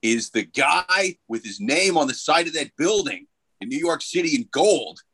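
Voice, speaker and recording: A man's voice: on the high side, big pitch swings, normal speed, fairly bright tone, slightly rough, exaggerated voice. A man voicing a male conspiracy believer who coaxes and pleads in a wheedling way. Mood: coaxing.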